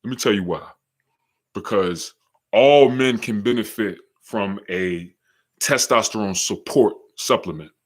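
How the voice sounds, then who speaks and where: A young man with a slight New York accent, hosting a casual live-stream podcast, slangy and hyped, shouting out viewers in the chat. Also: lowish voice, measured pace. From Charlotte, North Carolina. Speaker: podcast host.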